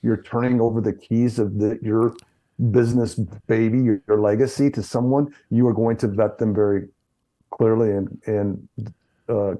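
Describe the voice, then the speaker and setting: A middle-aged man with a mellow, warm voice, talking through his experience in an interview. He tells stories freely, restarting phrases and repeating words as he goes. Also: lowish voice. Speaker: chiropractor guest. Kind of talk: interview conversation.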